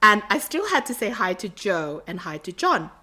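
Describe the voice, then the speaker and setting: A woman guest on a podcast, telling a story in a casual, animated way and acting out the quotes. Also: mid-range voice, moderate pace.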